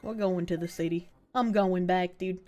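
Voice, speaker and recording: A woman's voice: on the low side, steady tone, moderate pace, mellow, soft background music. A young woman streaming a video game live, chatting casually and crudely with her viewers and joking as she plays. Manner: casual, profane, joking with chat.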